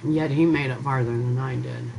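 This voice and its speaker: A woman's voice: a bass voice, fairly even intonation, normal speed, creaky, background noise. A woman in her forties, a mother playing video games with her son, chatting casually, teasing and scolding him. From Ohio, USA. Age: 40s. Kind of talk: casual gameplay chat.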